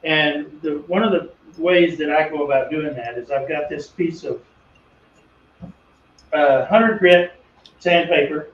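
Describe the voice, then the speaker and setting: A middle-aged man with a slightly high voice chats casually while working, drifting into rambling, self-deprecating stories. He sounds distant from the mic in an echoey home workshop. The audio is dull and muffled with a faint steady hum underneath. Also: unhurried, long pauses. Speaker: woodworking channel host.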